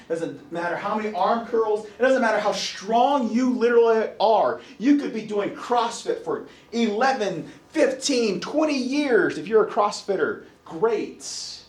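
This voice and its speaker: A male college lecturer with a fairly high voice, telling anecdotes and quizzing students in a swooping, highly expressive delivery. He acts out his own reactions as he goes. The classroom gives his voice a roomy echo. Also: far from the mic, a little hiss or hum. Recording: echoey classroom.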